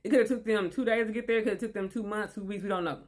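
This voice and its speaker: A woman reading scripture aloud and commenting on it in a chatty, animated way, rephrasing often and talking directly to her listeners. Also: mid-range voice, rapid-fire. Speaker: Bible teacher. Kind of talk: casual Bible study commentary.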